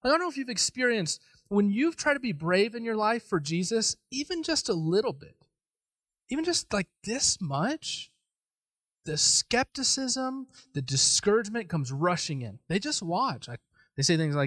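A man preaching a sermon, telling a personal story in an animated, self-deprecating way. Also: sits high, normal speed, no echo. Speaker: pastor.

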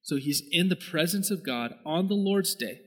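Conversational pastor preaching a sermon. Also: male voice, a little high, expressive, moderate pace, fairly bright tone, poor audio. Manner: storytelling, conversational with rising emphatic bursts.

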